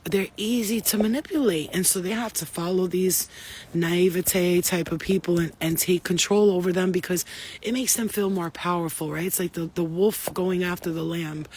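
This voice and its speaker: A woman's voice: lowish voice, fairly even intonation, normal speed, darkish tone, slightly rough. A woman giving an intuitive spiritual reading to her viewers, talking in a profane, emphatic and preachy way. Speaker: spiritual reader.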